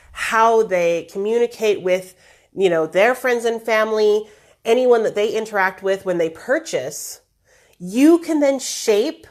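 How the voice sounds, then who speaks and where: A woman hosting a live stream with business tips, talking in a chatty, lively way and clearing her throat now and then. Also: mid-range voice. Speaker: host.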